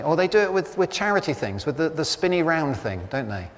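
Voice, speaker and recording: A man's voice: fairly high pitch, lively intonation, a little fast, hardly any pauses, a bit bright. A middle-aged man preaching a sermon as pastor, talking in a chatty, anecdotal way with wry humour. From Britain. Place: church. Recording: church hall reverb, faint ambience.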